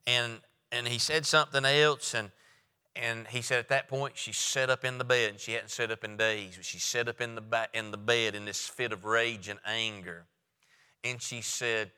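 A man's voice: lowish voice, sharp tone, clear, resonant tone, big-room sound. A man preaching a sermon, telling a story with quoted dialogue and then driving home his point.

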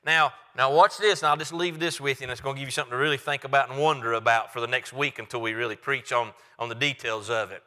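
A man's voice: mid-range voice, fairly even intonation, quick pace, few pauses, bright, forceful tone, big-room sound. A male pastor giving a sermon and reading scripture aloud, talking in a conversational way with frequent restarts. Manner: conversational with many restarts and fillers.

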